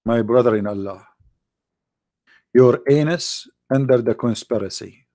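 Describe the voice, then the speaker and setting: A man's voice: medium pitch, a little slow, warm tone, no echo, clean studio sound. A man hosting a livestream who mocks and taunts his viewers in a sarcastic way, often laughing and reading their chat comments aloud. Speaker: livestream host.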